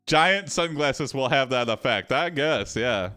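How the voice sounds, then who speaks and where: A man's voice: mid-range voice, animated, a little slow, hardly any pauses, sharp tone. A man hosting a live stream, reacting to an AI story with jokes and frequent laughter. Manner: joking, reactive, laughs often. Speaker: host and game player. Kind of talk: live-streamed game commentary.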